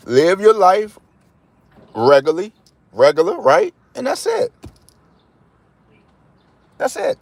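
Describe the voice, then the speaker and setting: A man's voice: high-pitched, wildly swooping pitch, takes it slowly, gravelly, pauses often, dry recording. Rambling D.C. man chatting to viewers. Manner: rambling, talks straight to viewers with slang. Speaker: lottery tips vlogger. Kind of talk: casual chat to viewers.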